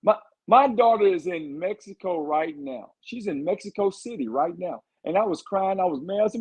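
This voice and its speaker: A man's voice: high-pitched, animated, normal speed, few pauses, darkish tone, husky, rough recording. A man, a candidate for governor, giving fired-up, rambling answers in a podcast interview. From Texas. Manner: fired-up, rambling campaign talk.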